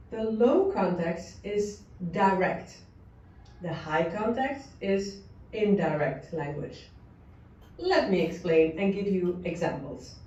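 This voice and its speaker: A woman giving a lecture at a slow, explanatory pace, now and then acting out short quoted examples. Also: lowish voice, warm tone. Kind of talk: recorded lecture on culture. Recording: echoey, distant, dull audio.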